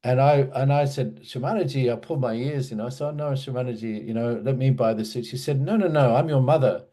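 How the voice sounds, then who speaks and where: A man's voice: mid-range voice, fast talker, mellow. A man casually telling a personal memory in an interview, hesitant, with many restarts and fillers. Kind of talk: casual storytelling.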